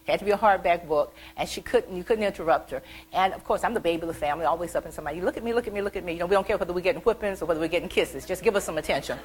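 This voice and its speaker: A middle-aged woman from the American South, an author telling animated stories about her childhood at a library event. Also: lowish voice, very fast, slight background noise, low-quality recording. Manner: chatty, animated, acts out childhood quotes. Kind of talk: storytelling talk.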